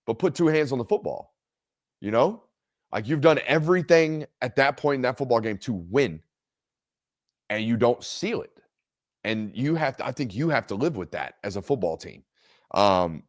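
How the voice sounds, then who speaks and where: A man, hosting a football reaction stream in a casual, animated way and talking straight to his viewers. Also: mid-range voice, no room sound, studio quality. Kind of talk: casual commentary.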